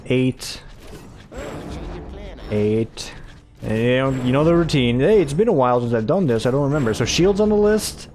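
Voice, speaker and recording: A man's voice: mid-range voice, expressive, normal speed, long pauses, a little mellow, slight background noise. A man hosting a gaming video, giving casual let's-play commentary with rambling, self-mocking asides.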